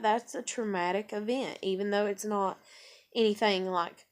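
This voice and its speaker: Frank rambling woman vlogging. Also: mid-range voice. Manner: frank and rambling, swears freely. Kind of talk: candid personal vlog.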